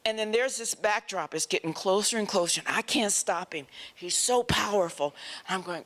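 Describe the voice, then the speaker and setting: A woman telling lively stories as the honored guest in an onstage film festival Q&A. She laughs often and acts out other people's lines. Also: mid-range voice, moderate pace. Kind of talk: onstage interview storytelling. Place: festival stage before an audience.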